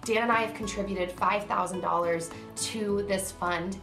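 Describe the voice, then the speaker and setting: A woman's voice: mid-range voice, fairly even intonation, normal speed, bright, forceful tone. A woman vlogger speaking earnestly and from the heart, straight to her viewers. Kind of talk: direct-to-camera vlog appeal. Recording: roomy echo, faint music behind.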